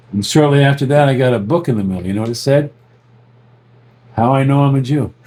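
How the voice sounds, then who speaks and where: A man's voice: medium pitch, lively intonation, normal speed, mellow. A man hosting a podcast, telling crude stories with lots of swearing and laughter, acting out other people's lines. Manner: profane, laughing, mimics others in quotes. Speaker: podcast host. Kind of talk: crude casual storytelling.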